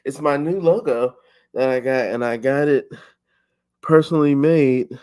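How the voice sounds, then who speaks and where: A man's voice: mid-range voice, a little slow, a little mellow, clean tone. A young man hosting a podcast, chatting casually and acting out his own thoughts as quotes. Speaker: podcast host. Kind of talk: casual chat.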